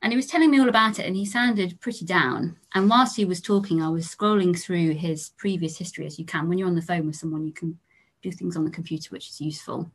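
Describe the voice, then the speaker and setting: A young English woman gives a lecture as a trainee doctor, recounting stories from her work. Her voice sits slightly low, and she speaks in a calm, measured way, letting her sentence endings fade softly. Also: husky. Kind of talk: storytelling lecture.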